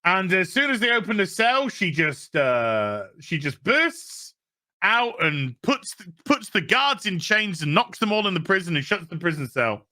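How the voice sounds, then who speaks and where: A man's voice: high-pitched, very animated, unhurried, bright, forceful tone. Sarcastic, sweary Yorkshire man ranting. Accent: Yorkshire English. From England. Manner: sarcastic, profane, mocking; puts on mocking voices for characters. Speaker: TV review host. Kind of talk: ranting episode recap.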